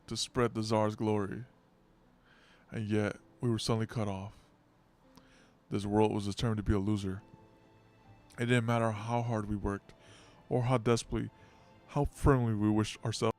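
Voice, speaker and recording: A man's voice: on the low side, flat delivery, moderate pace, long pauses, a little mellow, soft background music, natural voice. A man voicing an aging giant beast-tsar in a game story, reading in a grave, solemn way. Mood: brooding.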